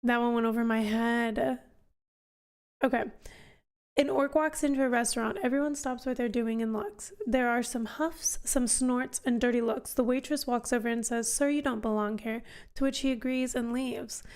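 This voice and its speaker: A woman's voice: fairly high pitch, fairly even intonation, normal speed, a little mellow, clean tone. A woman hosting a casual livestream book club, greeting viewers and reading their jokes aloud with frequent giggles. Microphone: streaming mic.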